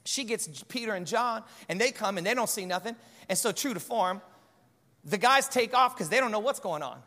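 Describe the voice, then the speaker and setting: High, bright-voiced preacher in a reverberant hall. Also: male voice, a little fast. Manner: animated, conversational preaching with humor. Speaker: pastor. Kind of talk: sermon. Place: large church hall. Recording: church hall with long reverb.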